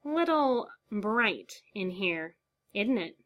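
A woman voicing a menacing male clown villain, in a high, nasal voice that swings up and down in a sing-song and stretches odd syllables, read as part of a story. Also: big pitch swings, extremely slow, fairly bright tone, exaggerated voice. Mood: mocking.

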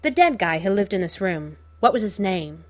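A woman's voice: mid-range voice, big pitch swings, normal speed, no room sound. Joker, a woman voicing a crooning male villain. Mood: menacing. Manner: crooning, teasing, soft menace. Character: menacing male villain clown, crooning and cruel. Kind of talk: audiobook reading of fan fiction.

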